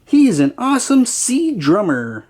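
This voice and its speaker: Slow, expressive children's story reader. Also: mid-range voice. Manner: slow, expressive, sing-song. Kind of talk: children's read-aloud narration.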